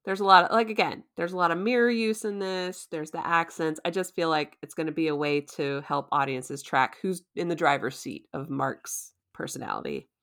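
Chatty woman with a bright voice. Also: low voice, animated, moderate pace, few pauses. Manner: chatty, laughs often, playful asides. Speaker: co-host. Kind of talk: casual recap chat.

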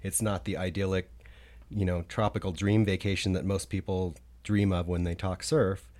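A man's voice: deep voice, little pitch movement, normal speed, darkish tone. A man on a podcast as a guest, recalling his travels in a rambling, casual way with many fillers and restarts. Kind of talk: casual chat.

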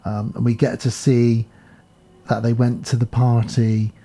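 A man's voice: mid-range voice, flat delivery, measured pace, mellow. A man co-hosting a podcast, casually retelling a film plot and acting out bits of dialogue. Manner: rambling recap, acts out lines. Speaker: podcast co-host.

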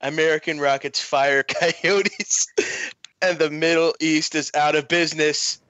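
A man's voice: fairly high pitch, fairly even intonation, a little slow, pushed and bright, no room sound. A man doing an impression of a boastful, rambling male president giving a grandiose speech.

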